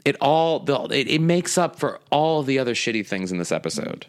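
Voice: medium pitch, very animated, brisk. A podcast co-host in a casual chat, wry and emphatic while recapping a sitcom episode.

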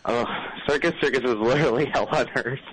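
A man's voice: medium pitch, quick pace, a bit bright, husky, no echo, rough recording. A young adult man calling in to a show, rambling casually and saying "like" often. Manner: rambling, heavy use of "like". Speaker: caller. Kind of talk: casual phone call.

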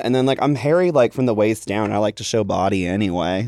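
A low-pitched young man chats casually as a podcast guest, telling stories full of swearing and voiced quotes. The sound is dry and close. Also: lively intonation, quick pace, a little mellow, no room sound. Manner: chatty storyteller, swears freely, acts out quotes. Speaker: podcast guest, drag performer. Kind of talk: casual chat.

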